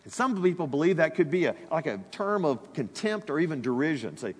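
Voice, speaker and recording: A pastor from Alabama preaches a sermon in a chatty, animated way, addressing his congregation directly and tossing asides to them. His voice is on the high side, brisk and slightly rough, and the recording carries the long reverb of a large hall.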